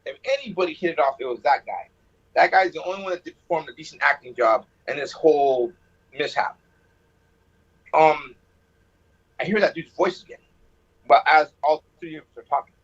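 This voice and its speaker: A man's voice: a little high, moderate pace, long pauses, slightly rough. A man calling in by phone and telling a personal story, rambling and sarcastic, with a hot temper. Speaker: caller. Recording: muffled lo-fi phone line.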